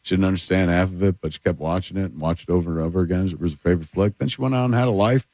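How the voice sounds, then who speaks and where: Man, fifties, deep voice, bone-dry studio sound, animated rambling storyteller. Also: rapid-fire, dry recording. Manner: animated, rambling anecdotes with lots of "like" and "dude". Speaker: filmmaker guest. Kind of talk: casual storytelling chat. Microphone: radio studio mic.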